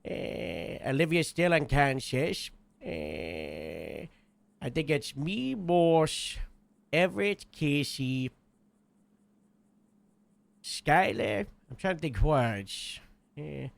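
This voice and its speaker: A man's voice: a little high, very animated, slow, vocal fry, pauses often, no echo. A man telling a long story in character during a roleplay game, rambling with lots of filler and restarts.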